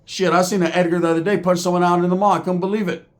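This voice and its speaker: A middle-aged man with a slightly raised voice delivers a loose, animated commentary rant. He talks in streetwise slang and keeps drifting into tangents and asides. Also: high voice, very fast.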